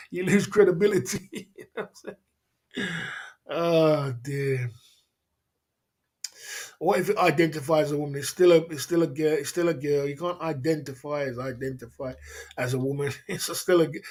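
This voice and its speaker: A man hosting a casual livestream chat, talking loosely, laughing often and checking in with his viewers. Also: a little high. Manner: chatty, laughs often, keeps asking "you know what I mean". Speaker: livestream host.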